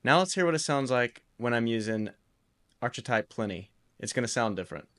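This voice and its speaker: A man giving a casual home-studio guitar recording tutorial in a relaxed, explanatory way, with loose restarts. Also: mid-range voice, brisk.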